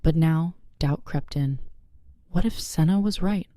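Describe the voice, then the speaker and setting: A narrator reading a werewolf romance story in even, measured scripted narration. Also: mid-range voice, no echo, clean studio sound.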